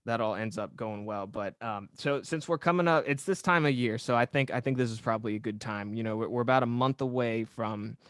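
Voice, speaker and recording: Man from Northern Virginia, podcast co-host; measured, restarts often, dry close sound. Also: medium pitch, fairly bright tone, clean tone, dry recording. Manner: measured, with frequent restarts and repeats. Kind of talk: casual podcast chat.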